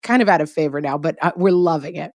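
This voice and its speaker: A woman co-hosting a podcast in casual chat, self-mocking and animated, laughing often, recorded on a close mic in a quiet studio. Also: low-pitched, fast talker, no echo. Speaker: podcast co-host.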